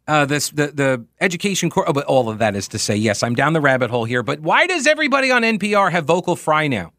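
A man's voice: fairly high pitch, sharp tone, dry recording. A man in his forties hosting a radio talk show, rambling through tangents and poking fun at himself. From Charlotte, North Carolina. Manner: rambling, self-mocking, goes off on tangents. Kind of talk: casual monologue with readings.

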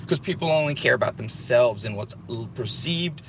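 Man, middle pitch, blunt lecturing boss type who swears freely; faint road noise behind. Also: animated, moderate pace. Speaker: business owner addressing his team. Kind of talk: blunt motivational talk.

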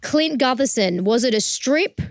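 A woman's voice: a little high, animated, measured pace, dry recording, studio quality. Upbeat woman hosting sports talk. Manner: upbeat, steers topics with questions. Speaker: show host. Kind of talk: casual sports chat.

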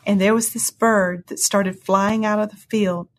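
A woman's voice: fairly even intonation, measured pace, a little hiss or hum. A woman telling an emotional personal testimony as an interview guest, earnest and storytelling. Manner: earnest storytelling, swings to high cries when reliving moments.

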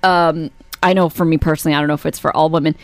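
A woman's voice: low-pitched, steady tone, rapid-fire, dry recording. A woman co-hosting a casual radio talk show, agreeable and reflective.

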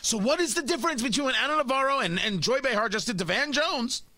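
A man's voice: very high voice, animated, fast, bright, forceful tone, dry recording. A man hosting a talk radio show, giving opinionated, mocking commentary from a studio microphone.

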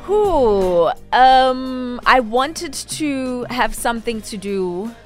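Female radio co-host, South African, slow and sassy, quick to dismiss. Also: fairly high pitch, lively intonation, faint music behind. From Soweto, South Africa. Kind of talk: casual radio banter. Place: radio studio.

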